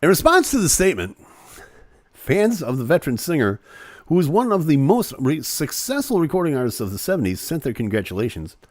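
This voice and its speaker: Animated joking male live-stream host. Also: a little high, a little fast, dry recording. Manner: jokey, playful asides while reading. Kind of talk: casual live-stream chat reading celebrity news.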